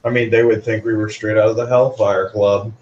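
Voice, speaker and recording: A man's voice: lowish voice, little pitch movement, fairly quick, a little mellow. Wry man on a muffled, roomy mic. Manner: wry, pedantic corrections. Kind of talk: casual chat.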